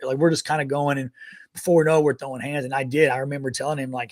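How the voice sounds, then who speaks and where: With his speech racing, an army veteran in his thirties co-hosts a podcast and shares animated, laugh-filled stories loaded with swearing. His voice is medium in pitch and the recording is dry.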